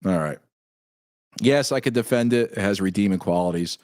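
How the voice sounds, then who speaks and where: A man's voice: fairly low pitch, moderate pace, darkish tone, no room sound, clean studio sound. A man in his forties hosting a casual live stream, laughing often as he reads viewer comments aloud. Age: 40s. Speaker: show host.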